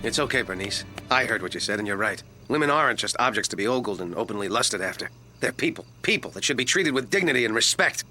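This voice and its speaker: A brash, sleazy cartoon duck. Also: male voice, very high-pitched, very animated, brisk, pushed and bright, faint music behind, heavily acted. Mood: sheepish. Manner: brash, sleazy, self-pitying rants. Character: crude loudmouth cartoon duck detective, lecherous.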